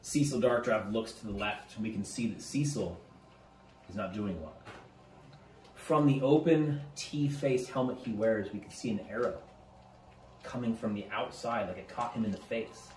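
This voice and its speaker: A man narrating a tabletop game as game master, halting now and then and repeating words. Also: lowish voice, darkish tone, a little hiss or hum. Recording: roomy, distant mic, faint music.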